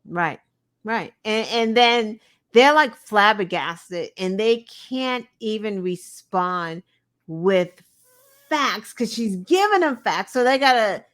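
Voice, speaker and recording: A woman's voice: medium pitch, animated, slow pace, fairly bright tone. A woman co-hosting a podcast, talking politics casually in an emphatic, exasperated way and swearing freely. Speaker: podcast co-host.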